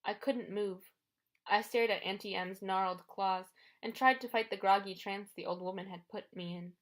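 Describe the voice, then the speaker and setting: A woman reading a first-person adventure audiobook in a steady storytelling voice. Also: mid-range voice, normal speed. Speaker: audiobook narrator.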